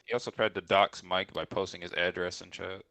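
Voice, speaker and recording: A man chatting on a live stream, crude and animated, swearing freely. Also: low-pitched, fairly quick, a crowd in the background. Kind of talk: casual stream chat.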